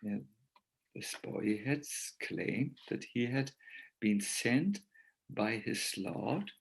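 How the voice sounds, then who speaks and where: Swami telling a sacred story, slow, lots of ums, gravelly voice. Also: male voice, mid-range voice, sing-song, poor audio. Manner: slow, hesitant with many fillers. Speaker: visiting swami, speaker. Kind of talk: sermon storytelling. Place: temple festival talk.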